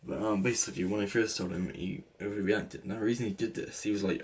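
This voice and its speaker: A man's voice: on the low side, fairly even intonation, fast talker, hardly any pauses, a little mellow, a little hiss or hum. A young man in his late teens with an English accent, rambling through a casual story with lots of "like" and restarts. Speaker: vlogger.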